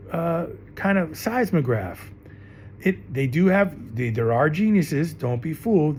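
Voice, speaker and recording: A man's voice: on the high side, a little mellow, slight background noise. A middle-aged man teaching in an emphatic, rambling monologue, often repeating himself. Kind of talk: impassioned monologue to camera.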